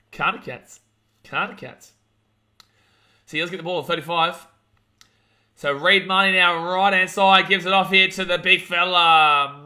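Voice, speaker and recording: During a live watch-along of a rugby league game, a young Australian man calls the play, reads chat and goes on rants. His voice sits high, and he gets excitable, shouting at big plays.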